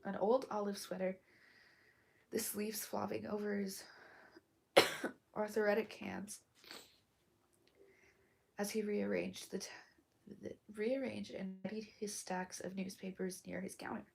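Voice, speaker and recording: A woman reading a story aloud while sick and hoarse, coughing between lines and often dropping to a whisper. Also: mid-range voice, little pitch movement. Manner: slow, halting, often drops to a whisper. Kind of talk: casual live read-aloud with asides.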